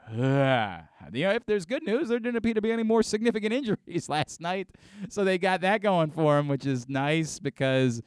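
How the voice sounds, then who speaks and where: A man's voice: medium pitch, clean tone, no room sound, clean studio sound. A man hosting a sports talk radio show, ranting with exasperation and frequent restarts.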